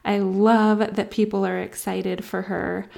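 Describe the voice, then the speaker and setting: Candid new mom vlogging at home. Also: female voice, mid-range voice, level tone, unhurried, creaky. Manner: candid, reflective, soft baby talk asides. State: emotional, near tears at times. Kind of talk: casual confessional vlog.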